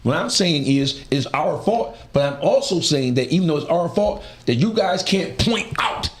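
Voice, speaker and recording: A man arguing forcefully and preachily, with profanity, on a morning talk show. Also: a little high, animated, normal speed. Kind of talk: heated casual talk show debate. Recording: echoey room.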